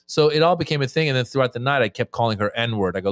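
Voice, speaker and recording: A man's voice: mid-range voice, rapid-fire, dry recording, clean studio sound. A man guest on a podcast, a comedian telling stories in casual chat and acting out his exchanges with audiences. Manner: animated storyteller, acts out crowd-work exchanges.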